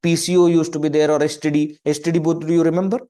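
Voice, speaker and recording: A man with an Indian English accent, a spiritual teacher giving a conversational webinar talk, animated and full of rhetorical questions and acted-out examples. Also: a little high, fast. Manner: animated, acts out questions and quoted people. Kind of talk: webinar talk on joyful living.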